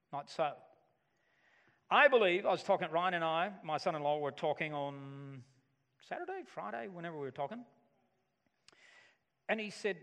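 Middle-aged man, pastor, high voice, emphatic sermon, reverberant hall. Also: normal speed. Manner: animated preaching with sudden loud emphatic bursts.

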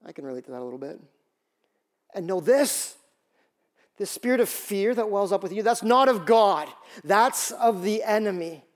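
A man pastor preaching a sermon, animated and storytelling, acting out quoted voices. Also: high voice, moderate pace.

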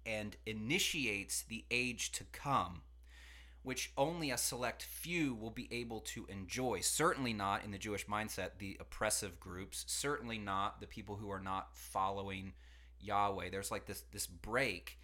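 A man with a bright, clear voice leads a casual teaching conversation from a studio. He unpacks ideas in a chatty, animated way, slipping into quick acted-out quotes. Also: fairly low pitch. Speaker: pastor and podcast host.

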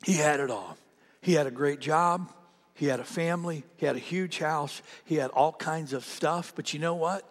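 A man preaching a sermon as pastor, telling a story with lively animation and dropping to a hush for serious points. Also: a little high, moderate pace, long reverb tail. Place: church sanctuary.

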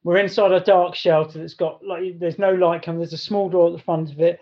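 A man's voice: high-pitched, fairly even intonation, a little fast. A man co-hosting a podcast, telling a story casually in a rambling way, full of restarts. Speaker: podcast co-host. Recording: dull lo-fi sound.

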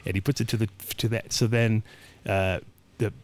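Man, lowish voice, casual studio chat, rambling profane storytelling, acts out quotes. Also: steady tone, moderate pace, a little mellow. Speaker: podcast host.

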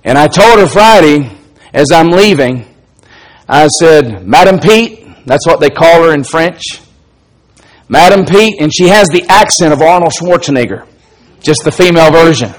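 A man's voice: a little high, moderate pace, low-quality recording. A man with an Alabama accent preaching a sermon as pastor, telling stories with strong emphasis.

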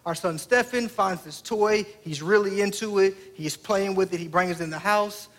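High-voiced man preaching a story sermon. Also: normal speed, fairly bright tone. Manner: conversational, direct questions to the congregation. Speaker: pastor.

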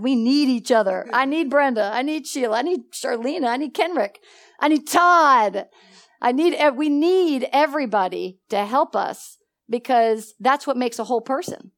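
Animated woman teaching Bible study. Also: high-pitched. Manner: animated, laughs often, acts out dialogue. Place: church meeting room.

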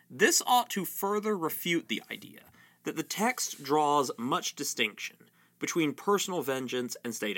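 A man reading book quotes and giving quiet, analytical commentary on them. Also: on the high side. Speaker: essayist.

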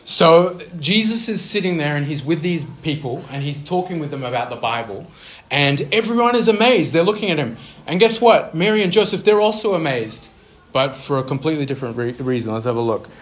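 A man preaching a sermon in a chatty, animated way, often throwing questions at his listeners. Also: on the high side, a little fast.

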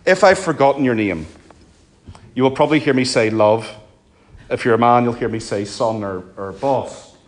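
Earnest Northern Irish preacher. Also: male voice, moderate pace. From Northern Ireland. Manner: earnest, pleading, dropping to soft low emphasis. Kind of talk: sermon.

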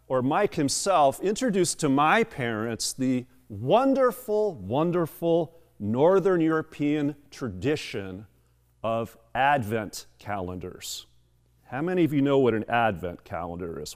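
A middle-aged man, a pastor, reading scripture and preaching a sermon with chatty storytelling asides. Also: mid-range voice. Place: church sanctuary. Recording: long hall reverb.

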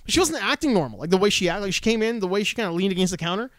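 A man's voice: high voice, expressive, very fast, a bit bright, no room sound, studio quality. A man co-hosting a casual podcast, rambling through anecdotes, swearing freely and acting out quotes. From Canada. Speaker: podcast co-host. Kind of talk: casual chat.

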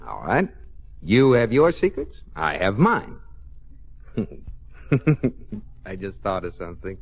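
An actor playing a good-natured young husband in a 1950s radio sitcom, dry and joking. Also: male voice, low-pitched, sing-song, takes it slowly, husky, exaggerated voice. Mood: wry. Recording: muffled old radio broadcast with faint hiss.

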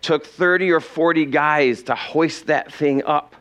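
A man as pastor, preaching a sermon in a slow, earnest storytelling way with dramatic pauses. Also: fairly high pitch, fairly even intonation, a bit bright.

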